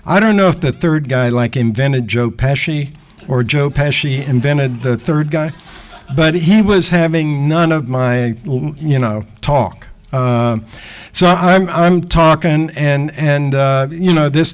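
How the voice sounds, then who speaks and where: Man in his sixties telling a lively story. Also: on the high side, a little slow, low-quality recording. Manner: animated anecdote telling, acting out the people in the story. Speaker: guest speaker. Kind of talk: storytelling lecture.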